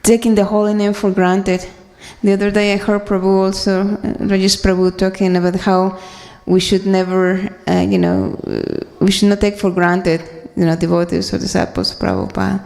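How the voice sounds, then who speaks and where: Woman, devotional speaker, earnest and halting, raspy fry, reverberant hall. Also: mid-range voice, animated, darkish tone. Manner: earnest, halting, many fillers and restarts. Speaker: speaker sharing at a devotional gathering. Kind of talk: personal talk to a congregation.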